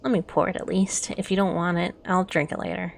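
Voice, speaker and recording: A woman's voice: lowish voice, level tone, fairly quick, vocal fry, a little hiss or hum. A woman voicing a friendly, chatty young man sharing a drink.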